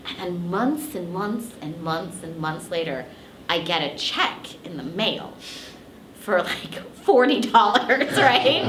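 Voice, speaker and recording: A woman's voice: mid-range voice, big pitch swings, moderate pace, a bit bright, a little hiss or hum. A woman voice actress being interviewed, telling stories casually with lots of fillers and laughing asides. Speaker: voice actress guest. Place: convention interview room. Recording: echoey room.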